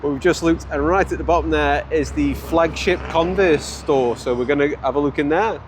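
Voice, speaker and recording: Here the Stoke-on-Trent vlogger, an Englishman, talks at a moderate pace in a slightly high voice over background noise. Out on the city streets for his casual travel vlog, he keeps up a jokey, chatty stream and laughs often.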